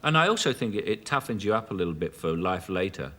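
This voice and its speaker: A man in his fifties with a Cockney London accent, a chat show guest telling anecdotes with halting restarts and frequent chuckles. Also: low-pitched, big pitch swings, sharp tone. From South London, England. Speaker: actor guest. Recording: 1980s television studio broadcast.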